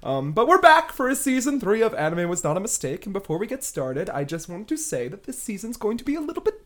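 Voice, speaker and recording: A woman co-hosting a podcast in a loose, chatty way. She jokes with dry sarcasm and laughs through her lines, with an ordinary middle pitch. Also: very animated, fast talker. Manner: playful, sarcastic, laughs often. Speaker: podcast co-host. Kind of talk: casual podcast chat.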